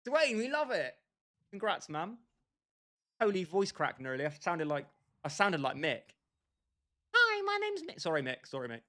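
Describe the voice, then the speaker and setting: A man's voice: on the high side, lively intonation, moderate pace, pauses often, a bit bright. A young British man casually chatting with his livestream viewers, bantering with them by name and laughing often. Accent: British English. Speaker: streamer.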